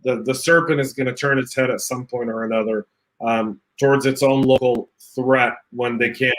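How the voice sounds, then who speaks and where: A man co-hosting a casual online show, reading out viewer comments and giving quick, opinionated takes with a joking edge. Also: mid-range voice, steady tone, fairly bright tone, low-quality recording. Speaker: podcast co-host.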